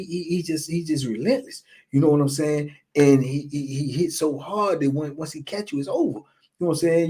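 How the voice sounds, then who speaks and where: A man in his fifties talks boxing as an interview guest, casual and animated. He keeps asking "you know what I'm saying" and now and then sinks into a low murmur.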